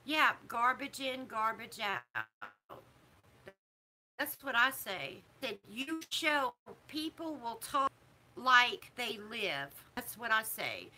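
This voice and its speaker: Middle-aged woman vlogger, slightly high voice, preachy and disapproving. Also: very animated, sharp tone, slight background noise. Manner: disapproving, preachy, drawn-out emphatic phrasing. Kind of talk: casual opinion talk to camera.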